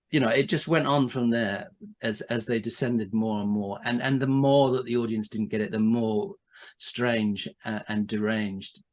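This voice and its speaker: A man's voice: on the low side, darkish tone. A man, a podcast guest, telling a casual anecdote with frequent restarts, asides and laughter.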